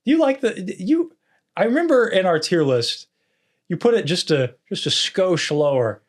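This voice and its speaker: A man's voice: high voice, animated, moderate pace. A man co-hosting a podcast, chatting casually and enthusiastically while ranking movie scenes, chuckling often. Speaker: podcast co-host.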